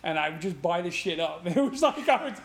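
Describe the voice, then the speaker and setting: A man's voice: high voice, brisk, creaky. Laughing New man telling stories. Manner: animated, laughs often, swears casually. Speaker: martial arts instructor, podcast guest. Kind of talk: casual storytelling.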